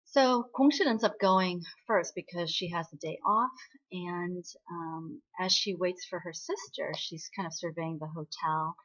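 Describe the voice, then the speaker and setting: A woman talks through a story recap in a loose, conversational way, often tagging her points with "right?". Her voice sits a little low for a woman. The recording sounds muffled and lo-fi. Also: unhurried, fairly bright tone. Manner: chatty, ends points with "right?". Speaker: drama recap vlogger. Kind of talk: casual spoken recap. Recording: dull lo-fi recording.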